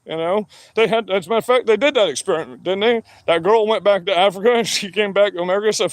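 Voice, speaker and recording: A man's voice: high voice, fast talker, few pauses, dry recording. A man ranting alone to the camera in a combative, heavily profane monologue. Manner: profane, combative, heavy swearing. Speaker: vlogger. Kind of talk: angry monologue rant.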